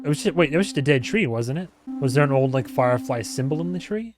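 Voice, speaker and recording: A man's voice: medium pitch, animated, fast. A man hosting a reaction video, talking casually and rambling with lots of fillers, laughing often.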